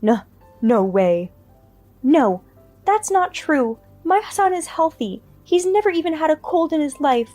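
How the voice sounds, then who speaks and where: A sharp-tongued older woman, played by a female narrator bristles and refuses any blame in this storybook drama. Her voice rides high and loud above a mellow tone. Soft music hums behind her. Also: sing-song, measured pace. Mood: denying. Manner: shrill, defensive and indignant. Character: furious older woman, a scheming mother-in-law.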